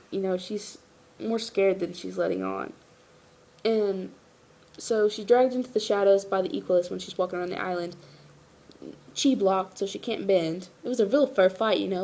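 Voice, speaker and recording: A woman gives a casual episode review. She sounds tired, and she rambles, leaning on "like" and "you know". Her voice is warm and mellow, never sharp. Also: medium pitch, gravelly.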